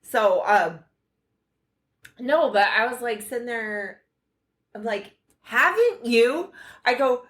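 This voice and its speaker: A woman from the United States telling a story on a podcast, animated and profane, acting out the dialogue as she goes. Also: a little high, slow pace, long pauses. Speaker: podcast co-host. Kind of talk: casual storytelling chat.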